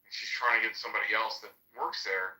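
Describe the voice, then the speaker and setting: A man's voice: lowish voice, steady tone, quick pace, sharp tone, distant mic. A man chatting casually on a podcast, telling stories in a rambling, profane way with lots of fillers. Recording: roomy, off-mic sound.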